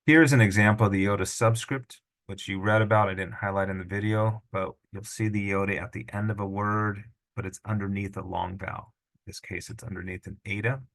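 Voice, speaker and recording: A man's voice: on the low side, steady tone, a little fast, fairly bright tone. A middle-aged man teaching a language lesson, patiently sounding out syllables and correcting himself as he goes. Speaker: Greek teacher. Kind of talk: screen-recorded lesson.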